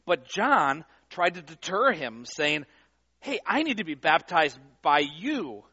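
High-voiced pastor preaching in a conversational way. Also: male voice, very animated, takes it slowly, sharp tone, breathy edge, lo-fi sound. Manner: conversational and emphatic, with fillers and restarts. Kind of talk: sermon.

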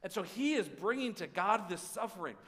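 A man preaching a sermon, voicing prayers aloud and swinging between pleading and hushed tones, often repeating words as he goes. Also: high-pitched, big pitch swings, brisk, in a large hall. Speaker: pastor.

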